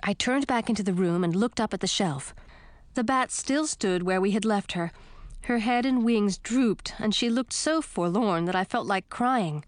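A woman narrating a children's storybook in an expressive, animated way. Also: medium pitch, moderate pace, no room sound. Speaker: audiobook narrator.

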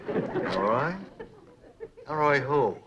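A man's voice: mid-range voice, expressive, drawn-out words, muffled recording, background noise. An actor playing a playful middle-aged bachelor friend who needles his pal, in 1950s sitcom style. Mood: teasing. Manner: teasing, playful.

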